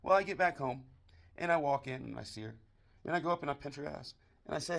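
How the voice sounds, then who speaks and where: Speaking quickly in a fairly high voice with vocal fry, an American man works through a profane monologue of dirty jokes. His barroom-style storytelling stays dry and unimpressed throughout.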